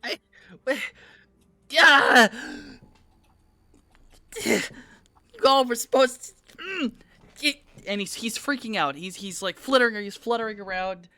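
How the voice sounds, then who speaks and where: A woman's voice: a little high, slow, long pauses, pushed and bright, no room sound. A woman playing a panicked shapeshifting spirit in a young man's form, stammering and pleading frantically.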